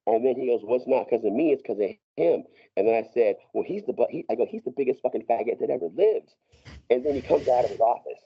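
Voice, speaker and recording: A man spins a long, profane story as a podcast guest, rambling, restarting and laughing as he goes. His voice sits at an ordinary male pitch. The audio sounds dull and lo-fi. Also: slightly rough. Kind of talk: casual storytelling.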